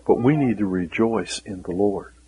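A man preaching a sermon, earnest, repeating key words and dropping to a hushed voice when quoting scripture. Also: lowish voice, moderate pace, slight background noise, rough recording.

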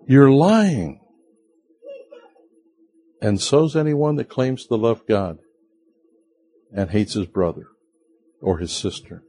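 A man preaching a sermon in a slow, earnest way, sometimes rising sharply in pitch and loudness for emphasis. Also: lively intonation. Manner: acts out quoted voices of listeners. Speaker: pastor.

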